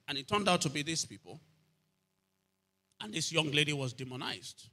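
A pastor tells a story in his sermon, repeating phrases and frequently asking whether people are hearing him. His voice is on the high side and animated, with a sharp tone at normal speed.

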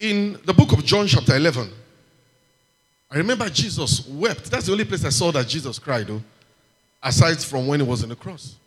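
A man preaching with a high, ringing voice in a large church hall, where a long reverb trails every phrase. He reads scripture aloud, then swings up loudly to call out amens and hallelujahs. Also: lively intonation, fairly quick, breathy edge. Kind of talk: sermon.

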